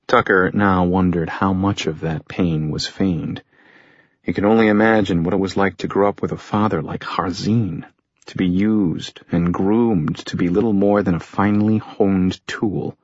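A man reading an audiobook in measured, scripted narration. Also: low-pitched, fairly even intonation, no room sound. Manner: measured storytelling delivery. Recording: dull lo-fi dry recording.

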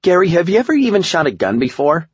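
A man's voice: fairly high pitch, sing-song, fast talker, husky, dry recording, lo-fi sound, voice pushed up. A male audiobook narrator voicing an exasperated young woman hero in a raised voice. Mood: incredulous.

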